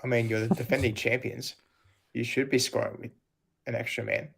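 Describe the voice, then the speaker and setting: A man's voice: mid-range voice, steady tone, fairly quick, gravelly, a bit bright, breathy edge. A man co-hosting a casual live football chat, matter-of-fact and teasing, explaining old fantasy rules. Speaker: podcast co-host.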